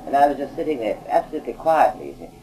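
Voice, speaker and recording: Mellow-voiced man telling rambling anecdotes. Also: medium pitch, sing-song, very fast, low-quality recording. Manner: conversational, rambling, frequent "you see" asides. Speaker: auditor recounting experiences. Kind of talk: anecdotal recorded talk.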